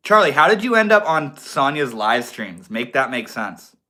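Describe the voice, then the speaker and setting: A man's voice: mid-range voice, sing-song, normal speed, pushed and bright. A young man from Maine hosting a casual livestream, chatting in a slangy, laid-back way and answering viewers. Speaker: livestream host.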